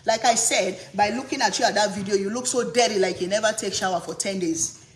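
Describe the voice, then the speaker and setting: A woman's voice: mid-range voice, brisk. A woman from Africa, a cooking channel host, ranting indignantly and emphatically on a live stream, often repeating herself. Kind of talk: heated livestream rant. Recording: echoey room, faint background noise.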